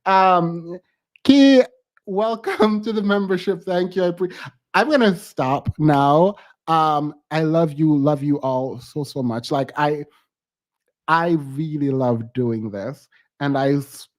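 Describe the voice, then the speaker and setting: Signing off a live stream with casual talk, a male host sounds moved and grateful, faltering and nearly in tears. His voice is a little high.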